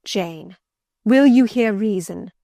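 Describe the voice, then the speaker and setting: Woman playing a brooding intense gentleman, urgent and commanding, lowered voice, dry close audiobook sound. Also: slow pace, gravelly, dry recording. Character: passionate brooding gentleman, middle-aged man. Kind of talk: audiobook character reading.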